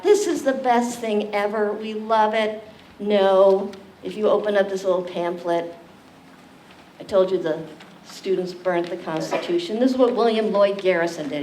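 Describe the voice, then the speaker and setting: A woman leading an interactive community library lecture, joking with the audience and quizzing them. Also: medium pitch. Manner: animated, jokey, questions the audience. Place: library meeting room. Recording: echoey room, distant mic, faint hiss.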